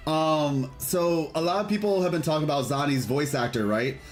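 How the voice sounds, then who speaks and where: A man's voice: fairly high pitch, moderate pace, soft background music. A man streaming a video game, chatting casually and enthusiastically with a rambling, friendly delivery while reading chat aloud. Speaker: gaming streamer.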